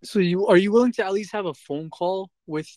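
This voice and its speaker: A man's voice: sits high, fairly quick, darkish tone, no echo. A man questioning someone in a confrontational, pointed way. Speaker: confronting interviewer.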